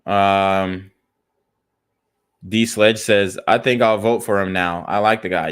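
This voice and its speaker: Young man, low voice, smooth tone, profane political commentary, reads comments aloud. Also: steady tone, slow, long pauses. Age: young adult. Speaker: commentary channel host.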